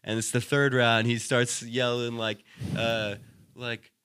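Man, young adult, podcast co-host, casual storytelling, rambling, swears a lot, smooth clear voice. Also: mid-range voice, fairly even intonation, a little slow, fairly bright tone, no room sound. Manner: rambling, heavy swearing, lots of "like" and "dude".

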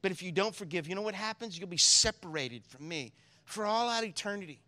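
A male pastor delivers a sermon in a high, brisk voice, pulling the congregation in with call-and-response asides. He swings from quiet, solemn reading to loud, excited preaching.

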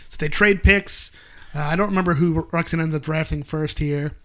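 A man's voice: on the high side, normal speed. A man hosting a casual podcast, animatedly recapping an episode and quoting characters. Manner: animated, quotes characters in bursts. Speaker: podcast host.

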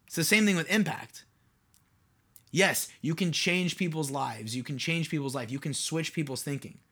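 A man talks through his solo podcast in a loose, casual monologue. His voice sits a touch higher than most men's, and he keeps turning to his listeners with rhetorical questions, padding his thoughts with "like.". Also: moderate pace, bright, forceful tone, breathy edge. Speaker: podcast host and mentor.

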